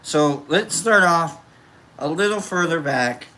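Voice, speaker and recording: A relaxed, jokey teacher walks through a philosophy text out loud, often losing the thread and correcting themselves. The voice is bright and crisp. The pace is slow and unhurried. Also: mid-range voice, a little hiss or hum. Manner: rambling, stop-start, many fillers and self-corrections; laid-back and jokey. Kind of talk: casual philosophy lesson, reading from a book.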